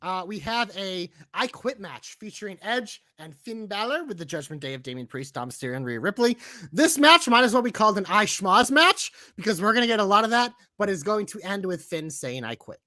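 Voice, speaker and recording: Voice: mid-range voice, animated, fairly quick, dry recording. A podcast co-host reading out a lineup and giving blunt, cussing opinions in casual banter. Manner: blunt, swears, swings from loud to mumbled.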